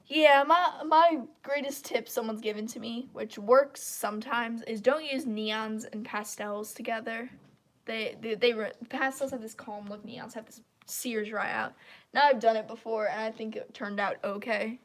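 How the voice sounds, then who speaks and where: A woman's voice: a little high, moderate pace, pushed and bright. A woman hosting a casual live stream, talking in a blunt, opinionated, rambling way. Her throat is stuffed up and congested.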